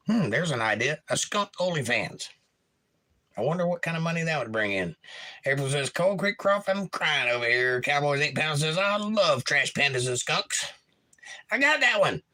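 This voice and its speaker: A man's voice: medium pitch, sharp tone, rough recording. A man hosting a casual livestream, reading viewer comments aloud and joking about them in a playful way. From Florida. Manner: jokey, reads chat aloud with goofy voices. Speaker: livestream host.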